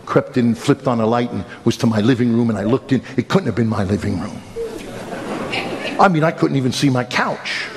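A man's voice: a little fast, creaky, a little hiss or hum. A middle-aged male pastor preaching a sermon, telling a personal story with humor and wide swings in his voice. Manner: animated storytelling with humor and big pitch swings. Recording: echoey hall with faint ambience.

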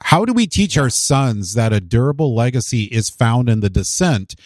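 A man hosting an interview, asking reflective, measured questions. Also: mid-range voice, big pitch swings, no echo, clean studio sound. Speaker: podcast host.

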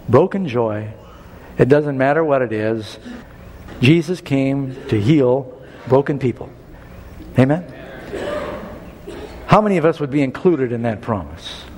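A man preaching a sermon, telling a personal story in an animated way and building to emphatic appeals. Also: mid-range voice, in a large hall, slight background noise.

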